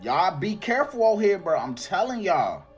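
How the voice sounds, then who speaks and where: A man's voice: sits high, big pitch swings, normal speed, breathy edge, faint music behind. Slangy man reacting to a clip. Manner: slangy, exclaiming, addresses viewers as y'all. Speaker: reaction video host. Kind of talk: casual commentary on a clip.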